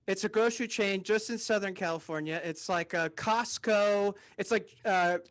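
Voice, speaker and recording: A man's voice: sits high, normal speed, fairly bright tone. A male comedian doing a rambling stand-up set over a video call, often chuckling at his own jokes.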